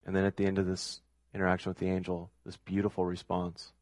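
A man's voice: deep voice, completely flat delivery, fast talker, a little mellow, dry recording, clean studio sound. A man preaching a sermon, building points through emphatic repetition. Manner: emphatic, repeats key phrases for effect. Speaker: pastor.

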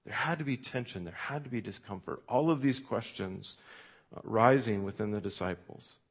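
Man, pastor, sermon, somewhat low voice, chatty delivery with fillers and restarts, emphatic scripture reading. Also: normal speed, slightly rough. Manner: conversational, frequent fillers and restarts; reads scripture aloud with added emphasis.

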